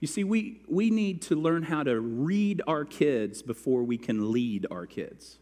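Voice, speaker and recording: A man's voice: on the high side, big pitch swings, a little slow, darkish tone, big-room sound. A man pastor preaching a sermon, telling stories and acting out quotes as he goes. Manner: storytelling with acted-out quotes. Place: church sanctuary.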